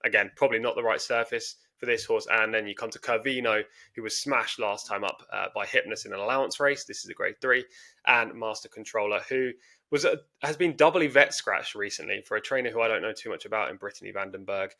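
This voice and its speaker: A man's voice: fairly low pitch, fairly quick, creaky, bright, forceful tone. A man co-hosting a podcast, casually breaking down horse racing form with careful, hedging analysis. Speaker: podcast co-host.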